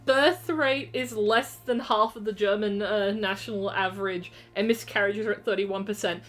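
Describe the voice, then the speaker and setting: A woman's voice: mid-range voice, steady tone, moderate pace, a bit bright, soft background music. A woman guest on a game stream, chatting casually with dry sarcasm and frequent swearing. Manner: sarcastic, swearing, laughing often.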